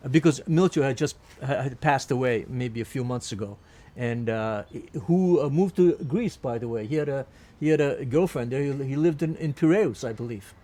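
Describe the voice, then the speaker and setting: An older man from Turkey, a native Turkish speaker, tells a long, rambling anecdote in an interview, with many restarts and laughs. His voice is mellow and medium-pitched, at normal speed.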